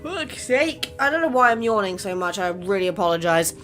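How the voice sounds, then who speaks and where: Bright-voiced woman gamer chatting. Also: mid-range voice, big pitch swings, brisk, faint music behind. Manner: chatty, reads story aloud and reacts. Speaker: gaming channel host. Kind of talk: casual game playthrough commentary.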